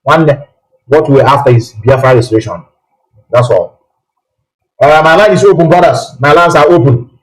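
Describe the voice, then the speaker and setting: A man's voice: medium pitch, normal speed, long pauses, low-quality recording. A man hosting a live political call-in broadcast, talking emphatically with repeated rhetorical questions.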